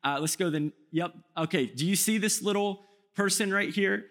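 A man in his thirties with a fairly high voice preaches to his church. He tells stories with self-mocking humor and acts out other people's lines. His tone is light and easy. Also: normal speed, fairly bright tone. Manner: joking, self-mocking storytelling with acted-out quotes. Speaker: pastor. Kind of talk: sermon.

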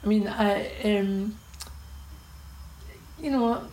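A woman's voice: medium pitch, drawn-out words. A Scottish woman hosting a casual chat, encouraging and full of fillers. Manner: warm encouraging, many fillers. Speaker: podcast host. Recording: roomy with faint ambient noise.

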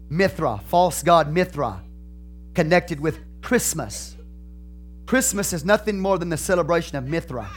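A man with a Texan accent, a pastor preaching a sermon, moving from calm teaching to loud, fervent preaching. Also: fairly high pitch.

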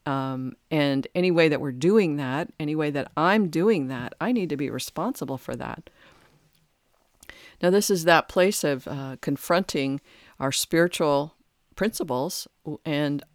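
A podcast host gives a reflective spiritual talk in a smooth, resonant, medium-pitched voice. He speaks thoughtfully and haltingly, often restarting phrases mid-thought. The recording is dry and close, with no room sound.

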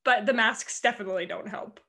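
A woman's voice: medium pitch, pushed and bright. A young American woman in casual conversation, interviewing a teammate in a chatty way with lots of filler words. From United States. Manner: chatty, fast, many "like" fillers.

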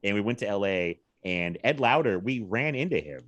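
A man in his thirties from Virginia, chatting on a podcast in a lower voice that leaps all over the place as he tells stories. He laughs often and slips into voices when quoting people. The sound is dry and close. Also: moderate pace, dry recording, lo-fi sound. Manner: animated storytelling, laughs often, quotes people in lively voices. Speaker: podcast co-host. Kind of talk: casual chat.

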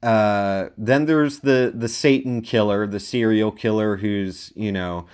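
A man casually reviewing a film out loud, rambling and wry, with many filler sounds between thoughts. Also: lowish voice, slow pace, clear, resonant tone.

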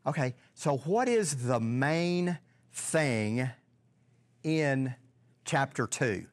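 Man, Bible teacher; unhurried, halting delivery with repeated words and questions to the room, medium pitch. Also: lively intonation.

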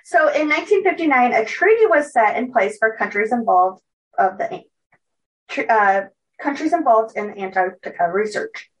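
A woman's voice: fairly high pitch, animated, normal speed, far from the mic, rough recording. A young woman co-hosting a podcast, telling a story from her notes in a chatty way, full of likes and ums. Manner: chatty, many "like" and "um" fillers, giggly. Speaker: podcast co-host telling a case.

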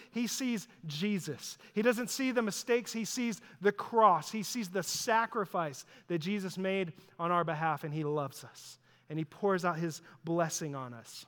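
A man's voice: high voice, fairly bright tone. A man preaching a sermon, telling stories in a conversational, self-deprecating way. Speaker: pastor. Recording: long hall reverb.

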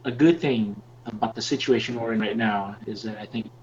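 A man as a podcast guest speaking over a video call, earnest and halting with restarts. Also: on the low side, slight background noise. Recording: dull lo-fi video call audio.

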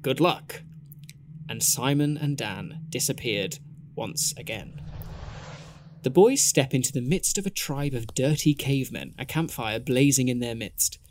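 A man's voice: mid-range voice, lively intonation, a little slow, darkish tone, slight background noise. A man co-hosting a podcast, reading interactive fan fiction aloud in a playful way and laughing at his own puns. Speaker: podcast co-host.

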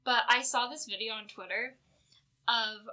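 Bright-voiced woman podcast host. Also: on the high side, moderate pace. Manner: chatty, many "like" fillers. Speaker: podcast host presenting fan awards. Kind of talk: casual chat.

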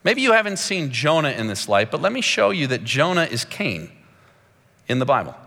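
A man preaching a sermon in a large church hall, with a dramatic, slow and emphatic delivery that climbs high when he gets excited. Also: gravelly. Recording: long hall reverb.

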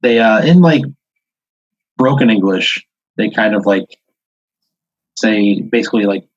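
A man with a low, husky voice spins an improvised second-person story, rambling along with plenty of "like" and "uh" fillers. The sound is dull and lo-fi, as from a basic podcast setup. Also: measured pace, no echo. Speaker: podcast host. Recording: dull lo-fi audio.

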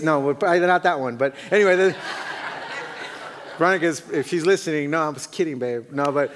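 A man's voice: on the high side, a little fast. A male missionary pastor greets a church congregation in a chatty, joking way with many fillers. He says he is cold and his voice sounds a little shaky. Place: church sanctuary. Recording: long hall reverb.

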